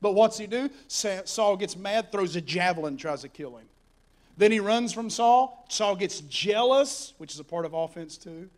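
A man preaching a sermon, telling Bible stories in an animated way that swings from soft asides to shouting. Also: sits high, moderate pace.

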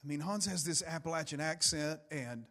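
A man's voice: on the high side, fairly quick, sharp tone. A middle-aged man preaching a Pentecostal sermon in church into a microphone, building emphasis and calling for amens. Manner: preaching with rising emphasis and call-outs. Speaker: pastor.

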